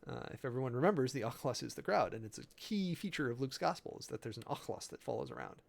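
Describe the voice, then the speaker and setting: Gravelly man musing through Greek text. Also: mid-range voice, very animated. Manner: musing and halting, with many fillers and self-corrections; amused by word details. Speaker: preacher. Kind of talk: informal sermon preparation, working through Greek text.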